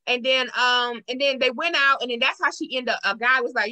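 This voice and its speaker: Woman, podcast host, casual chat, bright tone, slightly high pitch, acts out quotes. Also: fairly quick, few pauses. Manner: animated storyteller who acts out the quotes.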